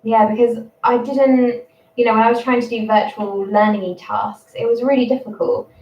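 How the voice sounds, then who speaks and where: A young English woman in her twenties, a primary school teacher chatting casually on a livestream, rambling and quick to laugh. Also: fairly high pitch, steady tone, a little mellow. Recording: roomy, distant, dull sound.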